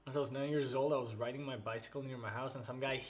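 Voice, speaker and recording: A man chatting casually on a stream, telling animated stories and laughing often. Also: mid-range voice, fast talker, a little hiss or hum.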